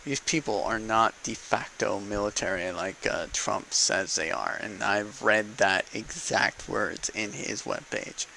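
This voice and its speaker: A vlogger speaks to camera in a casual, argumentative political monologue, punctuating his points with rhetorical "okay?" and "right?". His low voice is creaky, sharp, and unhurried with few pauses, and the rough recording has slight background noise.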